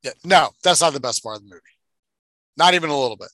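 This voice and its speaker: Man, casual podcast chat, sarcastic, profane, bright tone, dry close mic. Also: fairly high pitch, animated, fast talker, dry recording. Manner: profane, sarcastic, acts out movie lines. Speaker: podcast co-host. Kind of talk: casual movie-review chat.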